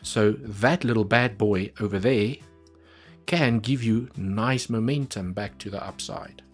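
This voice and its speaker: A man's voice: lowish voice, unhurried, soft background music. A man talking casually through trading charts on a live stream, chatty and repeating points for emphasis.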